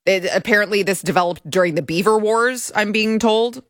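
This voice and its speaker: A woman's voice: mid-range voice, fairly quick, no room sound. A woman hosting a political commentary show in a studio, talking in a sarcastic, mocking way. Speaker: show host. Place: broadcast studio.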